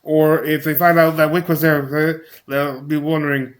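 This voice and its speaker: A man recapping a tabletop game in casual commentary, talking in a halting way with frequent restarts. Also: fairly high pitch, level tone. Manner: halting, many restarts and fillers. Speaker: recap host.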